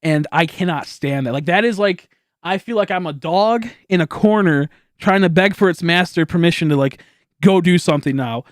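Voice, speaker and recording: A man's voice: high-pitched, normal speed, no echo, clean studio sound. A young man streaming, telling a story in a rambling, casual way with lots of swearing and laughter. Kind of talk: casual livestream chat.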